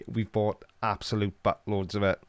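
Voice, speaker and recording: A man's voice: fairly low pitch, clear, resonant tone, no echo. A Welsh man hosting a live stream, reading out chat comments with dry, teasing humor. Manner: jokey, dry teasing banter.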